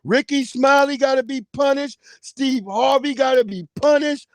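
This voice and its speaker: A man hosting a livestream, giving heated, profane, mocking commentary with loud outbursts. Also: extremely high pitch, moderate pace, dry recording, clean studio sound. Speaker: livestream host.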